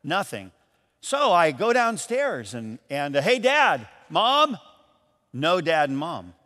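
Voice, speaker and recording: A man from Michigan preaching a sermon as pastor, telling a story in a lively, animated way and acting out the voices in it. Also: a little high, slow pace, big-room sound. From Michigan, USA. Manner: storytelling, animated, acts out calls and quotes. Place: church.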